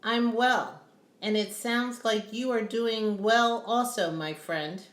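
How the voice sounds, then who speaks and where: Woman voicing a young african man, formal, measured, roomy echo. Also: sits high, fairly bright tone, voice pushed up. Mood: earnest.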